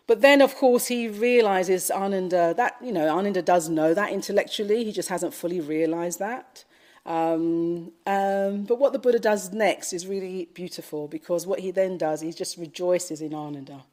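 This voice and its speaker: A woman giving a Buddhist dharma talk, gently telling a story with frequent fillers. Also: fairly low pitch, moderate pace. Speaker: Buddhist teacher. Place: retreat talk at a Buddhist centre.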